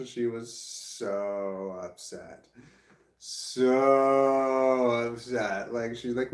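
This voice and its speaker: A man's voice: medium pitch, a little mellow. A middle-aged man telling a rambling story in a casual vlog, often breaking into laughter mid-sentence. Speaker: vlogger. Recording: echoey room.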